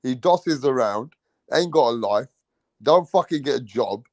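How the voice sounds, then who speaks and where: A man's voice: medium pitch, a little slow, over a noisy crowd. A British man hosting a casual chat, swearing freely and talking with animation. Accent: British English. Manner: swears freely, animated, mimics other accents. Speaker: host.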